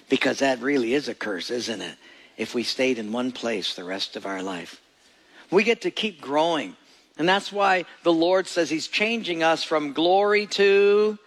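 A man's voice: fairly high pitch, lively intonation, a little slow. A male pastor giving a sermon with folksy jokes and emphatic, storytelling delivery.

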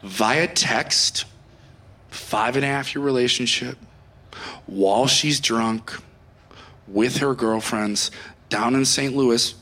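A man playing a dumped young radio DJ who rants in bursts and keeps cracking between shouting and near-tears, in a comic monologue. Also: medium pitch, takes it slowly, pauses often, roomy sound. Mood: bitter. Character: heartbroken young male rock radio DJ, ranting.

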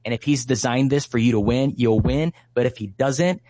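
Speaking at a moderate pace in a medium pitch, this Hawaiian man in his thirties is a Christian activist being interviewed. He recounts a story earnestly and passionately, leaning heavily on fillers, and there is background noise in the clip.

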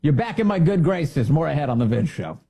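A man's voice: a little high, big pitch swings, a little fast, warm tone, slightly rough, soft background music. A man hosting a talk show, giving blunt, emphatic and sarcastic political commentary.

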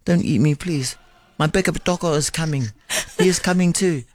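A man voicing a small, timid young goat who pleads in a raised, drawn-out voice. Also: fairly high pitch, no room sound, pitched above the performer's own voice, close to an everyday voice. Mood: pleading.

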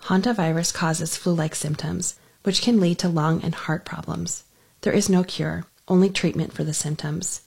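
A woman radio reporter reading scripted news narration in an even delivery. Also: on the low side, moderate pace, gravelly, slightly rough.

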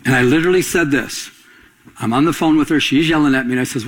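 A man's voice: medium pitch, fast, rough recording. A man preaching a sermon, telling stories and calling for responses from the congregation. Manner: call-and-response preaching, rising emphatic. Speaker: pastor.

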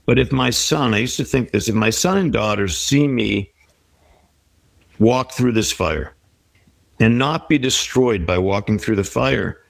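A man's voice: medium pitch, creaky, dry recording. A middle-aged man speaking as an interview guest, giving reflective, encouraging advice in a conversational way. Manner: reflective, advice-giving, with quoted inner voices.

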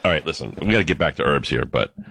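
A man's voice: rumbling low, lively intonation, rapid-fire, creaky, a bit bright, husky, dry recording. A man co-hosting a casual chat, telling rambling joking stories. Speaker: co-host.

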